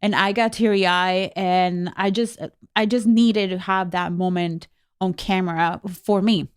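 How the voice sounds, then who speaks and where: A woman whose first language is Spanish talks through her podcast findings in an earnest, candid way, often restarting her sentences. Her voice is smooth and clear, at a middle pitch. The sound is dry and close, with no room echo. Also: fairly even intonation, unhurried. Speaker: podcast co-host. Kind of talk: casual podcast chat.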